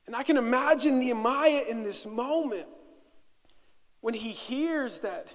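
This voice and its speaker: A male pastor preaching a sermon in a church. He moves between hushed, slow reflection and loud, rising preaching, and he often repeats words and restarts phrases. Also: very high voice. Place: church sanctuary. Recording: long hall reverb.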